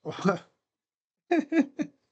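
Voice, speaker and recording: This young play-by-play host gives a laid-back live reaction to a baseball game, chatting, chanting and laughing along. He speaks very slowly in a slightly mellow voice, and the highs of the recording are cut off.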